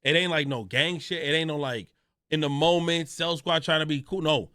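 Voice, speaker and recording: A man streaming live, reacting to a video in a loud, joking way with a lot of slang and talking straight to his chat. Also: a little high, moderate pace, no room sound, clean studio sound.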